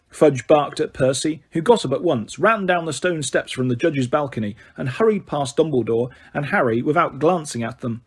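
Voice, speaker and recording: A man's voice: fairly high pitch, expressive, normal speed, few pauses, slightly rough. A man reading an audiobook aloud as narrator, telling the story steadily.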